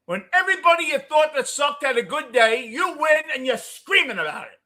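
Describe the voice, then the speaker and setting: A middle-aged man with a New York accent ranting as a postgame show host, cursing and swinging between yelling and muttering. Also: very high voice, very animated, a little fast. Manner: profane, swings from shouting to muttering. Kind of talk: ranting fan commentary.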